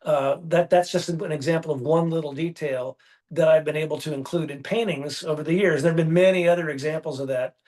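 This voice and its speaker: A man with a fairly high voice telling stories in a relaxed interview. He acts out quoted dialogue with lively shifts and comes through on a phone or video call. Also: a little fast. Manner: animated storyteller acting out quoted dialogue. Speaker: guest artist. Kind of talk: casual interview storytelling.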